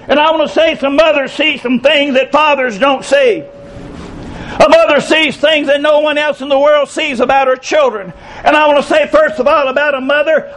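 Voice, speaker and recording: A man, preaching a folksy sermon, stretching key phrases slowly and breaking into shouts. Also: extremely high pitch, rough recording. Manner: folksy storytelling preacher, drawn-out emphatic phrases, bursts of shouting. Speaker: pastor.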